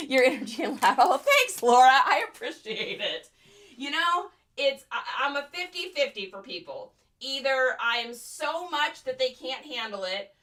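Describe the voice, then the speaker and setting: Young woman, bubbly livestream host, bright tense voice, fairly high. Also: animated, measured pace. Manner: bubbly, chatty, laughs often, many fillers. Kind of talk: casual livestream chat.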